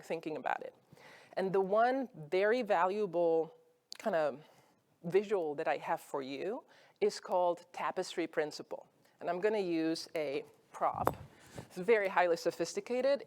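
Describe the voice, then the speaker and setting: A woman speaking on stage at an industry event, giving a conversational motivational talk and acting out her own thoughts as examples. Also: lowish voice. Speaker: conference speaker.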